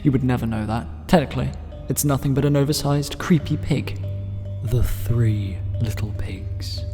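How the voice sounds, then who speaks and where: A man reads horror spoofs in a mock-spooky storytelling voice, hamming up the creepy bits. His mid-range voice rings in a long reverb. Faint music plays underneath. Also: medium pitch. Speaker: gaming YouTuber. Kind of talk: comedic dramatic reading.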